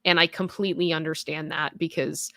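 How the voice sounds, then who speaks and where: A young woman hosts a casual live stream, chatting and answering viewer comments in a loose, rambling way full of fillers. Her voice sits a bit low but sounds bright and forward. The close mic gives a dry sound with no room in it. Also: fairly even intonation, a little fast, no room sound.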